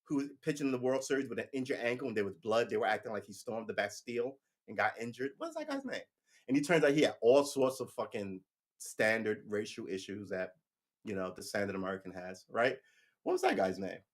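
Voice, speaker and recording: A man's voice: fairly low pitch, a little fast. A man in his forties hosting a livestream, ranting casually with lots of swearing and restarts. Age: 40s. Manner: profane, rambling, animated talk with restarts. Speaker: livestream host.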